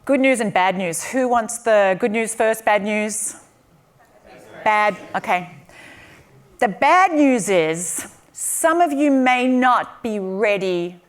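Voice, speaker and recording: Lively Australian woman giving a keynote. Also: mid-range voice. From southern Australia. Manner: lively, humorous storytelling to an audience. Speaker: keynote speaker. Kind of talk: keynote speech. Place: conference venue with a live audience.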